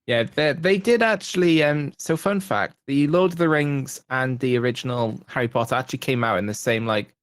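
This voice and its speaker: A man's voice: mid-range voice, a little fast, few pauses, clean tone, dry recording, clean studio sound. A man talking as a guest on a podcast, enthusiastic and rambling with many restarts. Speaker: podcast guest, content creator. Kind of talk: casual chat.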